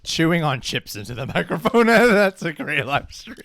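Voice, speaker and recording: A man's voice: sits high, huge pitch swings, a little slow, creaky, fairly bright tone. A man co-hosting a live stream, laid-back and teasing, laughing often. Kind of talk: casual live-stream chat.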